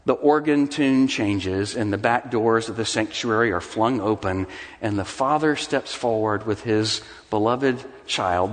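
A man preaching a sermon as pastor, expressive and building in intensity as he stresses his points. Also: on the low side, in a large hall.

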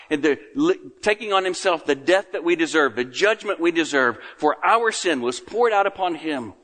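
Preaching man in a reverberant hall. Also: on the high side. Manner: earnest preaching, rising emphasis then dropping to quiet. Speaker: pastor. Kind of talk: sermon. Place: church sanctuary. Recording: long reverb of a large room.

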